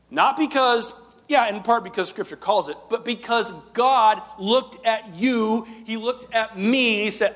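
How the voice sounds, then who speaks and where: A male pastor preaches a sermon in a high, lifted voice, swinging between loud, emphatic lines and quiet, hushed asides. A long hall reverb trails his voice.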